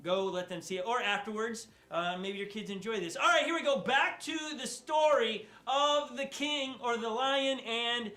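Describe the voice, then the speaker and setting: Animated joking male pastor, high voice. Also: normal speed, few pauses, reverberant. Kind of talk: casual sermon. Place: church stage.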